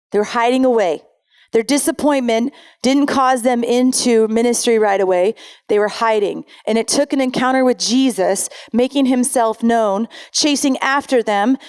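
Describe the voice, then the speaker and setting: Higher-voiced woman pastor preaching casually. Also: darkish tone. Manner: conversational preaching, reading scripture with frequent self-corrections. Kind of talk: sermon.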